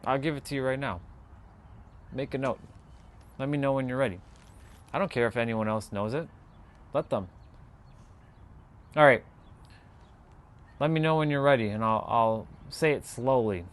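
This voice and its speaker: Casually chatting on a live stream, this relaxed man speaks at a typical male mid-level pitch. He wanders from thought to thought in a rambling, easygoing way, addressing his viewers directly without any hurry.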